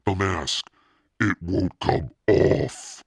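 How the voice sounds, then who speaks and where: A man voicing a girl in a monster mask whose voice comes out gruff and menacing. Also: rumbling low, slow, fairly bright tone, no room sound, clean studio sound, pitched above the performer's own voice, exaggerated voice. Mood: alarmed.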